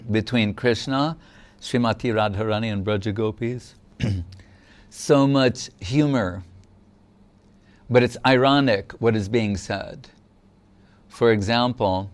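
A man of middle pitch speaking very slowly as a spiritual lecturer. He gives a devotional discourse in an unhurried, gently explanatory way, with frequent pauses and fillers.

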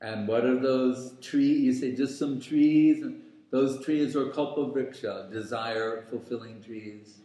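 A man giving a scriptural lecture as a spiritual teacher, speaking deliberately with many pauses and fillers. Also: mid-range voice, steady tone, mellow. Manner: slow and deliberate, pausing with fillers. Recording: very echoey room.

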